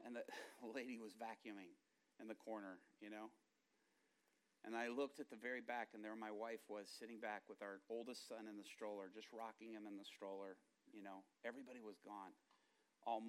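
A middle-aged man preaching, telling a personal testimony in an earnest, conversational way that circles back on itself. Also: lowish voice. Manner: earnest, conversational, with self-repeats. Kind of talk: sermon testimony storytelling.

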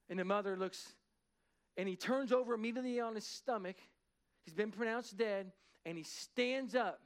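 High-voiced man preaching a story. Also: clean tone. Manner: dramatic retelling, swings from hushed to loud. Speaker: pastor. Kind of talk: sermon storytelling.

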